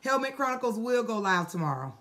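A woman's voice: a little high, sing-song, fairly quick, fairly bright tone. A woman hosting a casual live stream, chatty and laughing, with lots of fillers. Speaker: host.

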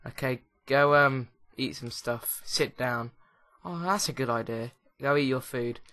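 A man's voice: medium pitch, a little slow, pushed and bright. A young man giving casual, rambling, jokey commentary while playing a video game. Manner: rambling, jokey, with many restarts. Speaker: let's play host.

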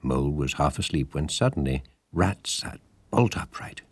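A man narrating a storybook audiobook in a measured, lively storytelling manner. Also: rumbling low, husky, dry recording.

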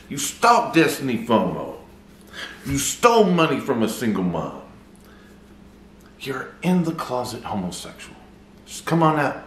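A male YouTuber delivering a mocking call-out vlog, taunting and deliberate. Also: mid-range voice, huge pitch swings, reverberant, a little hiss or hum.

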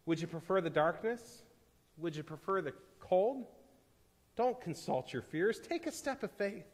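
A man voicing a gentle male stranger in a parable, speaking low and soothing. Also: expressive, unhurried. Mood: soft, reassuring. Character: gentle male stranger bringing fire, calm. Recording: reverberant church hall.

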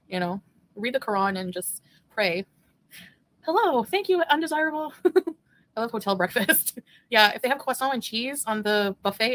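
A woman's voice: medium pitch, a bit bright. Chatty, giggly woman livestreamer. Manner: chatty, giggly, answers viewers. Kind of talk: casual livestream chat.

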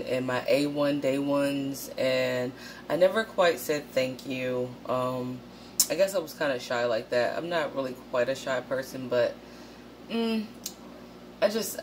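A woman with a low, deep voice talks to camera in a casual vlog. She is blunt and profane and jumps into animated, louder quotes. A faint hum of noise sits behind her. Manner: animated, acts out quotes in a raised voice. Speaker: channel host.

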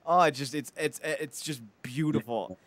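A man co-hosting a podcast in casual chat, animated and prone to acting out quotes loudly. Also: a little high, moderate pace, no room sound. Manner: animated, acts out quotes with loud outbursts. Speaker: podcast co-host.

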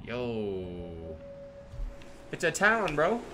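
A young man giving casual, slangy commentary while playing a game, chatting excitedly and reading in-game text aloud. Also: medium pitch, very slow. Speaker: gamer. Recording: faint game music behind.

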